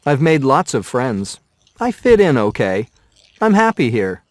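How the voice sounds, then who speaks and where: An actor playing a young male biologist living abroad in a textbook audio dialogue, with clear, carefully paced scripted delivery. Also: mid-range voice, big pitch swings, measured pace, no room sound. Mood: content.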